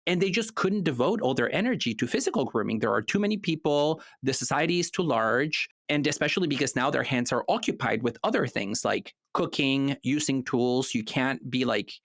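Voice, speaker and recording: A man talks through philosophical ideas on a podcast at a middle pitch, patient and explanatory. His voice is close and dry, with no room sound. He breaks into easy laughter as he goes. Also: expressive, brisk, hardly any pauses, fairly bright tone, dry recording. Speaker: podcast co-host. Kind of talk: casual philosophy podcast chat.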